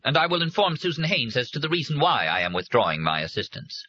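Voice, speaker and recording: Guy doing a stern shrewd mom voice, higher than his own, husky, lively. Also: brisk, lo-fi sound, full character voice. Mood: firm. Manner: firm and cold, then quavering. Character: firm, politically shrewd mother, middle-aged woman.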